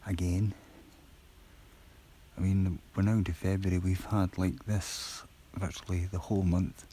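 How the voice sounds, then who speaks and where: A man on a live stream, chatting casually and quietly to viewers during a break from his shift, rambling and poking fun at himself. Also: low-pitched, level tone, measured pace, slight background noise, rough recording. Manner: rambling, chatty, self-deprecating; talking quietly. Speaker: livestreamer on a work break.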